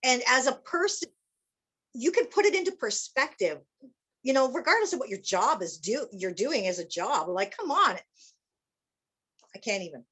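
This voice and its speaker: A woman's voice: fairly high pitch, very animated, normal speed, long pauses, a bit bright, husky. A woman in a casual chat who chimes in with emphatic, exasperated agreement. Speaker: co-host.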